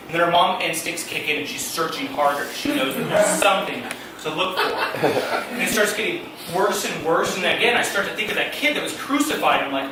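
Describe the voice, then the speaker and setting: A man's voice: high-pitched, a little fast. A man around thirty telling a comic personal story on stage, acting out voices and laughing through his lines. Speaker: solo storyteller. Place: theater stage. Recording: echoey stage from a distant mic with noise.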